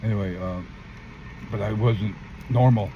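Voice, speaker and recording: With fairly even intonation and a measured pace, an older Californian man recounts his testimony to a street interviewer, voicing the people in his story and often jumping high. Faint traffic sits under the dull lo-fi sound.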